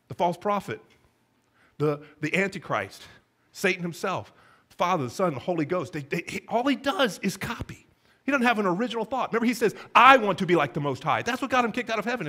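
A middle-aged pastor preaching a sermon in a church, acting out scenes and joking with the congregation. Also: male voice, sits high. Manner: animated, folksy, acts out scenes and asides to the congregation. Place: church sanctuary.

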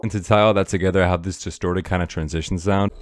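A man's voice: low voice, fairly even intonation, fast. A man explaining his music production steps in a casual tutorial voice-over. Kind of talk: screen-recorded production tutorial.

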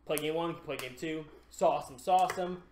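Young dude cohost, kinda high voice, excitable swearing, echoey room w/ faint hiss. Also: male voice, normal speed. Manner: excitable, profane storytelling. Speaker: podcast co-host. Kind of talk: casual chat.

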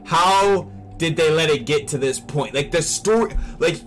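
Young man, slightly high voice, excitable rambling reaction vlog, faint music behind. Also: a little slow. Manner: excitable, rambling, repeats himself. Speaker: channel host reacting to a trailer. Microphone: desk mic.

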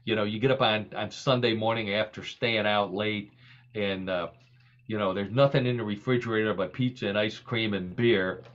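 Over lo-fi audio, a podcast host with a fairly low, steady voice keeps things casual and funny at normal speed. He's jokey, tells gags, and laughs a lot.

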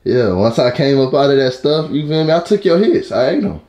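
A man's voice: medium pitch, very animated, fairly quick, mellow, lo-fi sound. A young man, teasing and laughing in a casual prank vlog. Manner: playful, teasing, laughing often. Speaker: vlogger. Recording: echoey room with light noise.

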